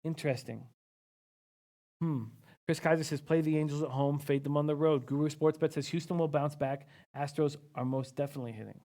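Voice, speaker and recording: A man's voice: a little high, steady tone, a little fast, warm tone. A man hosting a live betting-picks stream, thinking aloud casually and reading out viewer comments with frequent hmms. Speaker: sports betting analyst host.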